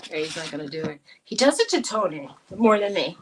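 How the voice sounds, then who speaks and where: A middle-aged woman co-hosting a casual live chat, animated and coaxing her pet in a high baby-talk voice. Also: fairly quick, hardly any pauses, husky. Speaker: co-host of a live chat show.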